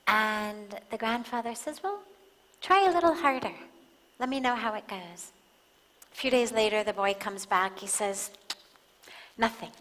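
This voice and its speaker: Calm woman teaching in a reverberant hall. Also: mid-range voice. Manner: calm, measured, pausing for emphasis. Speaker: spiritual teacher. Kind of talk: spiritual talk with storytelling. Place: large satsang hall.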